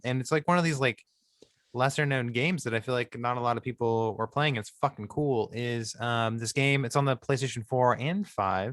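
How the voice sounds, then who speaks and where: A man's voice: medium pitch, fairly bright tone, no echo, clean studio sound. A man co-hosting a podcast in casual, rambling chat that is sprinkled with swearing. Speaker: podcast co-host.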